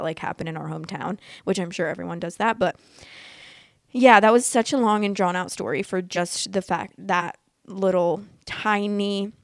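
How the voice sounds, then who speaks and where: A woman in her late twenties hosting a podcast, chatting casually and reading posts aloud in a candid, excitable way, swearing freely. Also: medium pitch, creaky, no room sound, studio quality. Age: late 20s. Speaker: podcast host reading Reddit stories.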